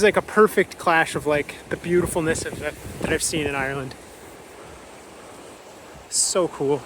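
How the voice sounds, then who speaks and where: An enthusiastic young man chats his way along a windy coastline, his voice sitting a touch high for a man. He rambles in relaxed slang, and loud wind noise batters the mic the whole time. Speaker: travel vlogger. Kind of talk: casual travel vlog.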